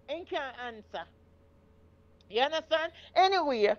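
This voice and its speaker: A woman in her fifties with a Jamaican accent, telling her story in a casual, emphatic way. Her voice sits high, and she keeps checking that the listener understands. The audio is dull and lo-fi. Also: expressive, normal speed, pauses often, slight background noise. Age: 50s. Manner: emphatic, repeats "you understand?".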